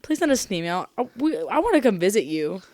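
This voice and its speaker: A woman's voice: mid-range voice, big pitch swings, fast, darkish tone, no room sound, clean studio sound. A young woman co-hosting a podcast in casual chat, blunt and teasing toward her co-host.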